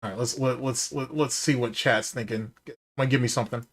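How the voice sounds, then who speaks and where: A man's voice: medium pitch, steady tone, fairly quick. A man hosting a livestream podcast, mocking a clip and reacting to chat in casual, sarcastic commentary. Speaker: podcast host.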